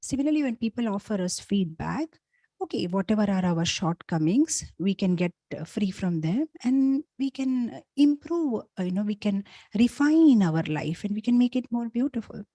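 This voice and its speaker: Speaking at a moderate pace in a mid-range voice, a female spiritual teacher recounts stories from scripture with lively animation and plenty of "you know" fillers. The recording is dry.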